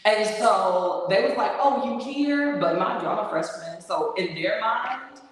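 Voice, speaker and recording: A woman host telling a story in casual chat, animated, emphatic and profane. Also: mid-range voice, unhurried. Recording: echoey room from far off.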